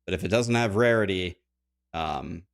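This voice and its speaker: Deep-voiced man explaining game gear. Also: moderate pace, gravelly, no echo, clean studio sound. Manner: matter-of-fact, explanatory. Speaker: game commentator. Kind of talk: casual gaming discussion.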